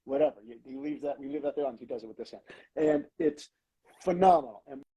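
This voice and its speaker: A man, a comedy writer, telling behind-the-scenes stories in a lively way, acting out lines as he goes. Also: mid-range voice, fast talker, husky, muffled recording. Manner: animated, acts out lines in quoted voices. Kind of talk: anecdotal storytelling.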